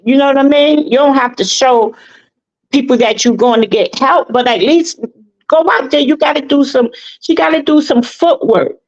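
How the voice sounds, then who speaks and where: A woman's voice: high voice, moderate pace. A woman who is a guest on a livestream, plain-spoken and indignant. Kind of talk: casual livestream commentary. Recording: dull lo-fi call audio.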